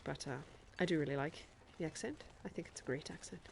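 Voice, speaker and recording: A woman's voice: low-pitched, brisk, creaky, a little hiss or hum. Woman with a put-on Irish accent. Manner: chatty, laughs often, talks to chat. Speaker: game streamer. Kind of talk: live gameplay commentary.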